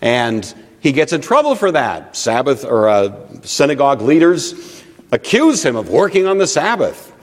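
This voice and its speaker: A man preaching a teaching sermon in an animated, conversational way with frequent asides. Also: mid-range voice, normal speed. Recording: long reverb of a large hall.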